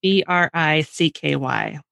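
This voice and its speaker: A woman's voice: low-pitched, slow, creaky, fairly bright tone, no room sound. A woman hosting a podcast, playfully quizzing her guest in a casual chat. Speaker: podcast host.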